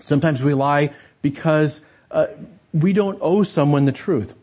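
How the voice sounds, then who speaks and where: A man's voice: a little high, measured pace, darkish tone. A man preaching a sermon as pastor, talking conversationally and turning to the congregation with rhetorical asides.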